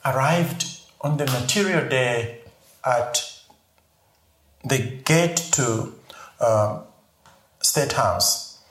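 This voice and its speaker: A middle-aged man from Zambia telling a personal story in an interview, animated and laughing often. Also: mid-range voice, very slow, long pauses, reverberant. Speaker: podcast guest.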